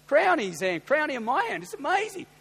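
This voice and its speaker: A man with an Australian accent, a pastor telling a story in a sermon, animated and shifting from quiet to loud. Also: very high voice, fairly quick. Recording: long hall reverb, faint hum.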